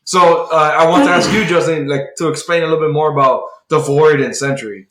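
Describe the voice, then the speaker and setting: A man's voice: a little high, fairly even intonation, fairly quick, fairly bright tone. A man co-hosting a podcast, eagerly recapping a comic plot in casual chat, full of "like" and restarts. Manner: rambling comic recap, heavy use of "like". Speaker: podcast co-host. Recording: roomy echo.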